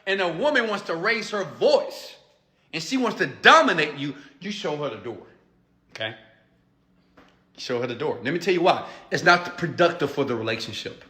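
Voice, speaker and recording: A man's voice: on the high side, pushed and bright. A man who is an entrepreneur and mentor, lecturing his viewers bluntly and emphatically, swearing and checking in with "okay?". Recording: echoey room.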